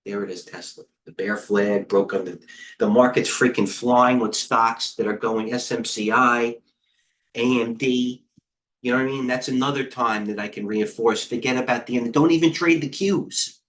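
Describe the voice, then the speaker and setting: A middle-aged man hosting a live trading stream, giving casual market commentary in a rambling way, with quick asides, restarts and talking to himself. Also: mid-range voice, steady tone, fairly bright tone. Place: indoor room with a heater on.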